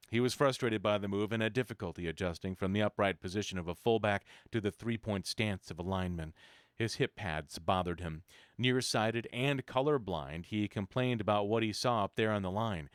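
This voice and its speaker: A man reading a biography aloud in a measured, even way, now and then correcting himself. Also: fairly low pitch, clean tone, no echo, clean studio sound. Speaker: reader.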